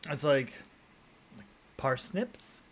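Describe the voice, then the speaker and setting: A man's voice: mid-range voice, sing-song, takes it slowly, a little hiss or hum. A man co-hosting a casual chat show, laid-back and rambling with many fillers. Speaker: podcast co-host.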